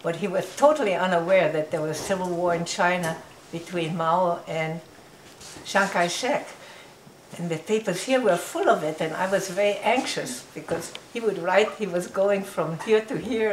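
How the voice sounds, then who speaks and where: An older woman telling her life story in an interview, reflective and unhurried, often laughing softly as she talks. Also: lowish voice, a little hiss or hum, low-quality recording. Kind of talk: oral history recollection.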